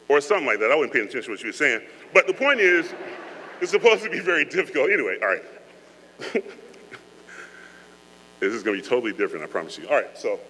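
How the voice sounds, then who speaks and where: Speaking to cadets as a guest, a man with a medium-pitched, sharp voice talks to them conversationally, joking but earnest. The hall is echoey and there's mains hum on the recording.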